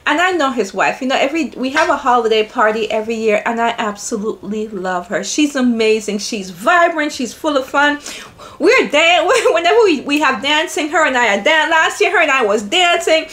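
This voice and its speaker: An older woman with a lilt chats to her viewers, retelling a story with frequent laughter and quoted dialogue. Her voice sits a little high for a woman. She talks in a relaxed, animated vlog style. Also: moderate pace. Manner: animated, laughing often, quoting others. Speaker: vlogger. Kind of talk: casual storytelling to camera.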